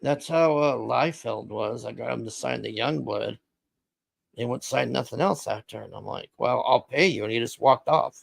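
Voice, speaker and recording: A man with a gravelly voice, chatting casually and mumbling low-key replies as a stream guest. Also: moderate pace, no echo. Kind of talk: casual chat.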